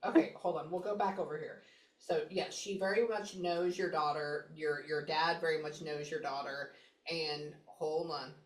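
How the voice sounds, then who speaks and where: A woman from Houston giving a psychic reading, chatty and animated, often pausing mid-thought to listen. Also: sits low. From Houston, Texas. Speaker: psychic medium. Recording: roomy, distant mic.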